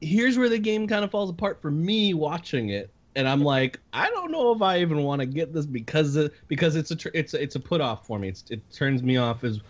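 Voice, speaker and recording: Man, gaming podcast co-host, rambling, restarts a lot, slightly high voice, dull lo-fi sound. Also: very animated, brisk, hardly any pauses. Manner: rambling, many restarts and fillers. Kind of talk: casual gaming chat.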